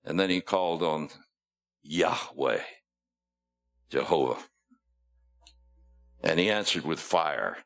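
A man's voice: a bass voice, a bit bright. A man preaching a sermon, retelling scripture in a folksy storytelling way, acting out the quotes and chuckling at his own asides.

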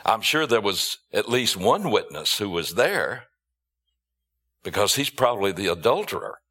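A man preaching a sermon, emphatic, with rhetorical questions and drawn-out stressed words. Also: lowish voice, big pitch swings, fairly bright tone.

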